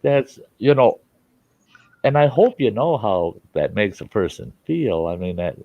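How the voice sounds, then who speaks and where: A man's voice: on the low side, sing-song, measured pace, dry recording, narrow, tinny audio. An older American man hosting a casual chat, telling a rambling personal story frankly, with swearing and acted-out quotes. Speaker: host.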